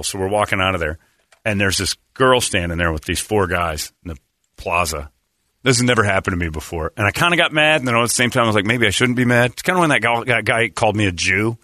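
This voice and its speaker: A man's voice: lowish voice, fast talker, no room sound, studio quality. A man hosting a radio show, telling rambling stories in casual banter and acting out what people said. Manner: rambling, animated, acts out quotes.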